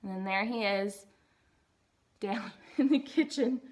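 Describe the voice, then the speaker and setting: A woman's voice: mid-range voice, slow pace, a little mellow, muffled recording. A woman reading a picture book aloud to children, stopping often for chatty, amused asides about the pictures. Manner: chatty, amused asides between read lines. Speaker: reader.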